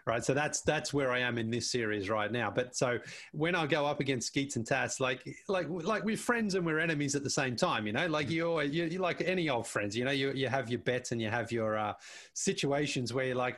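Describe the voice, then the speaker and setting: A man, a guest who is a basketball show panelist, chatting casually in an interview and telling animated stories full of restarts and repeated words. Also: medium pitch, fairly quick.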